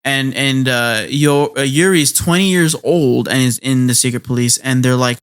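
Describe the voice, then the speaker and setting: A man's voice: mid-range voice, normal speed, few pauses, clean tone. A man co-hosting an anime podcast, recapping episodes in casual chat and acting out the characters' lines. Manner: animated, acts out characters' lines while recapping. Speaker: podcast co-host.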